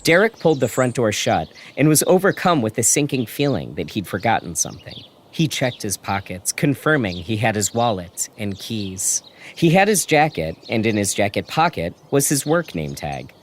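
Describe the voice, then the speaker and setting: Male narrator, lively, expressive storytelling delivery. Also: on the low side, normal speed.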